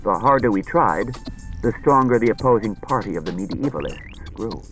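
A man voicing a calm, cold humanoid male robot, speaking in an even, patient and measured way. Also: fairly low pitch, soft background music, natural voice, rough recording.

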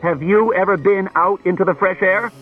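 A man voicing a hard-nosed male police detective who talks brisk and needling, heard through a tinny old radio broadcast. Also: high-pitched, fairly even intonation, soft background music, pitched above the performer's own voice, lightly acted. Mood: commanding.

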